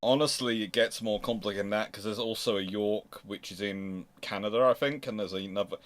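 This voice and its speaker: A man's voice: on the low side, fairly quick. A man hosting a casual history livestream, making wry asides and answering viewers' chat as he goes. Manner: chatty, wry asides, reads chat aloud.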